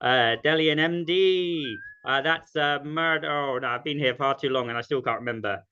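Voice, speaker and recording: A man's voice: on the high side, normal speed, bright, forceful tone, slight background noise. A man hosting an online sing-along, chatty and self-deprecating, with many ums. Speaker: host. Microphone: video call. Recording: dull lo-fi video call audio.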